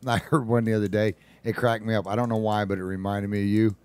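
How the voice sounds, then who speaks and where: A man hosting a casual talk radio show, folksy and quick to laugh at his own jokes. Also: fairly low pitch, little pitch movement, a little mellow, clear, resonant tone.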